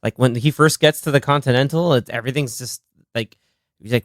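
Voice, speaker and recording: Studio-quality audio with no room sound captures a young man hosting a relaxed podcast. Speaking fairly quickly in a mid-range voice, he animatedly replays movie moments, doing the quoted lines in voices amid frequent laughter.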